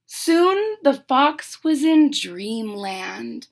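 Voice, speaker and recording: Bright, lively woman reading aloud. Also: medium pitch, unhurried. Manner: expressive, chatty asides to the class. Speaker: teacher. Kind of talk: reading a picture book aloud to children.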